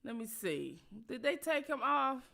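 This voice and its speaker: Woman channel host, bright, fairly high voice, profane and emphatic commentary. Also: big pitch swings, a little slow, vocal fry. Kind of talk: casual political commentary.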